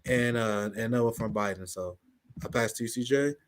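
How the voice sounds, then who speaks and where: A man's voice: mid-range voice, moderate pace. A man hosting a live political commentary stream, talking bluntly and with profanity. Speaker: host.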